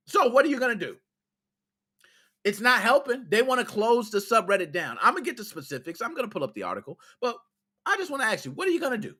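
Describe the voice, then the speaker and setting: High, animated ranting male podcaster. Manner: heated, exasperated, scolding; casual slang with cursing. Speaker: podcast host.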